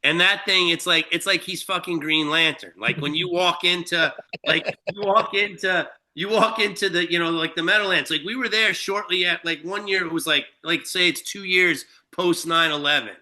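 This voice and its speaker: A guest storyteller from Shelter Island, New York, tells a long, profane anecdote in casual chat, full of fillers and restarts. His voice sits high and sounds bright and forceful, moving at a moderate pace with few pauses.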